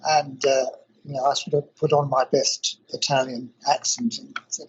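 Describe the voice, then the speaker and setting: An older man from South Africa, interviewed in a university lab, explaining technical ideas step by step in a measured way. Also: medium pitch, flat delivery, muffled recording, slight background noise. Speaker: interviewee, engineering professor.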